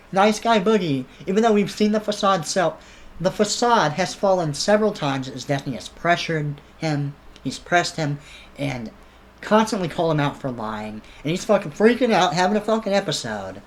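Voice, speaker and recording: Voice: mid-range voice, animated, normal speed. An online commentator ranting in a heated, sarcastic, profane reaction commentary.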